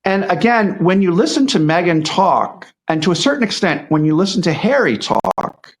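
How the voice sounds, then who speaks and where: This middle-aged man appears as a guest, offering laid-back conversational commentary at a normal speed. His voice is high and sing-song, and he wanders off track, often starting over and repeating words.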